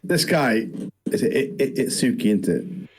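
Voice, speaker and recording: A man's voice: medium pitch, very animated, moderate pace, darkish tone, a little hiss or hum. A man, co-hosting a podcast and recapping anime scenes in rambling, slangy casual chat. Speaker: podcast co-host.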